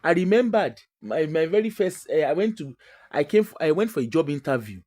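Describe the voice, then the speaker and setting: A man from Nigeria with a Nigerian accent, telling stories in a casual, animated way, mixing Pidgin into his English and laughing often. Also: a little high, brisk. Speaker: guest. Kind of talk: casual storytelling.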